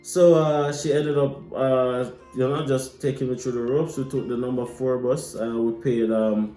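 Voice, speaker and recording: A young man with a Jamaican accent tells a story in a relaxed, animated way and drops into patois now and then. His voice is mellow and dark, with medium pitch. He sounds like he is in a roomy, echoey space, with faint music behind him. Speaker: vlogger. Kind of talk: casual storytelling. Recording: echoey room with light music.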